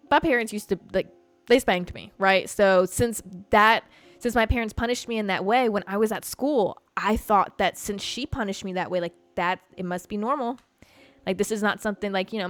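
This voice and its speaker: Young woman podcaster rambling a personal story, swears a lot, says like constantly, soft music under it. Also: medium pitch. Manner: chatty and profane, heavy use of "like". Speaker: podcast host. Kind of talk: casual storytelling to a stream audience.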